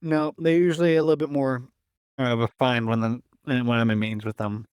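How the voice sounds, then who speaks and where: A man's voice: mid-range voice, fairly even intonation, brisk, a little mellow, clean tone, no room sound. A man as a podcast guest, telling easygoing stories with dry humor. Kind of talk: casual podcast banter.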